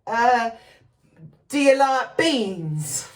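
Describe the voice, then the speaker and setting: A woman voicing a small, eager boy in a storybook, speaking quick and high with a stammer. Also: very animated, slight background noise, full character voice.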